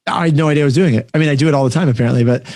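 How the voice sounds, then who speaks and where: A man hosting a podcast, talking quickly in a mellow, darker tone, fairly high for a man. He tells stories in an animated, self-deprecating way, with plenty of casual fillers. The sound is dry and close. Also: dry recording. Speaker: podcast host. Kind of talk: casual chat.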